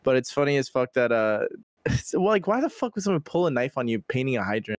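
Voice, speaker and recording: A man's voice: medium pitch, sing-song, fast, no room sound, studio quality. A man co-hosting a podcast in casual chat, joking and swearing a lot. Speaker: podcast co-host.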